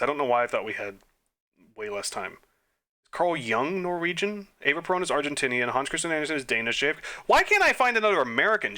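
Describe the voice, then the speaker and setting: A man talks his way through an online history quiz, muttering guesses under his breath. His voice is bright and forward, and he breaks into flustered, self-mocking outbursts. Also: medium pitch. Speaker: gaming YouTuber. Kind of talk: quiz playthrough commentary.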